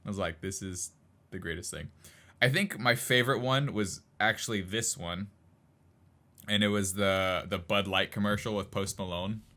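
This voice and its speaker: A man's voice: fairly low pitch, fairly even intonation, normal speed, bright, forceful tone. A man co-hosting a casual podcast chat, rambling with lots of fillers and frequent laughs. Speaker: podcast co-host.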